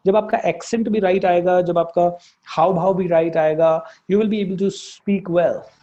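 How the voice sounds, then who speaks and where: An English teacher with an Indian accent gives a loose, chatty lesson full of "uh" and restarts. The voice is mellow and rather dark. The recording is dull and lo-fi. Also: medium pitch, steady tone, rapid-fire. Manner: hesitant, many fillers and restarts. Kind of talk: casual spoken lesson, mixing in Hindi. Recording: dull lo-fi sound.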